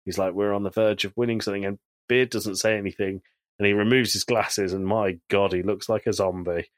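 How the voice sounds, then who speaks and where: Man, podcast co-host, casual chat, animated scene retelling, deep-ish voice, dry recording. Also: fairly quick, no echo.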